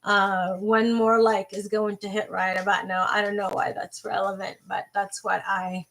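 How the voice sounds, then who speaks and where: A woman's voice: medium pitch, flat delivery, moderate pace, vocal fry, fairly bright tone, low-quality recording. A woman giving a live tarot reading, talking to her viewers in a rambling, playful, casual way and swearing now and then. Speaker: tarot reader.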